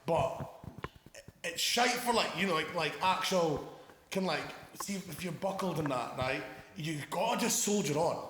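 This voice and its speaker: A man's voice: a little high, animated, unhurried, a bit bright, slight background noise. A young Scottish man hosting a podcast in casual chat, swearing freely and laughing through his stories. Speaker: podcast host. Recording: roomy with long reverb.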